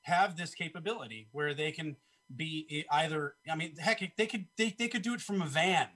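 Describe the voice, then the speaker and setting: A man's voice: a little high, normal speed, sharp tone. A man who is a guest on a podcast, talking casually in an emphatic, repetitive way. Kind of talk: casual conversation.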